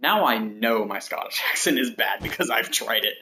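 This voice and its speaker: Here a man with a voice on the low side speaks at a moderate pace, chatting to stream viewers while building in a game. He's rambling and self-deprecating, counting blocks aloud; the audio is poor, with slight background noise and steady mouse and keyboard clicks.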